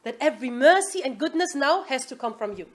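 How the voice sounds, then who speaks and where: High-voiced woman teaching an Islamic class. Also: fairly quick. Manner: asks the class "Yes?" often, lively quoting. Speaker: religious teacher.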